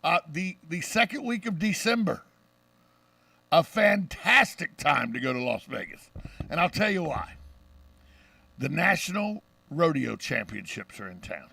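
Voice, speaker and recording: A middle-aged Southern man hosts a talk radio show, bantering and telling jokes. His voice is bright and gravelly. The sound is dry, and he sits a bit back from the mic. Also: fairly high pitch, sing-song, dry recording, distant mic. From Deep South of the US. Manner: brash, joking, fast-talking storyteller.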